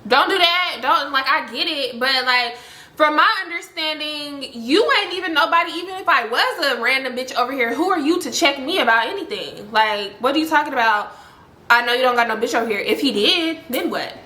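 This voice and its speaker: A young woman tells a story in a casual home vlog. She is animated and says "like" constantly, and her voice sits a bit high and sounds bright. The room around her is echoey. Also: normal speed. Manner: animated, heavy use of "like", voices other people with high pitch jumps. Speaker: storytime vlogger.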